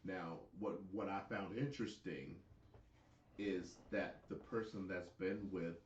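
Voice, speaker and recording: A man with a very deep voice co-hosts a casual wrestling chat, often stalling and repeating words as he gathers his thoughts. The room is echoey and the sound dull. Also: fairly even intonation, far from the mic, a little hiss or hum. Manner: halting, repeats words as he thinks. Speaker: co-host.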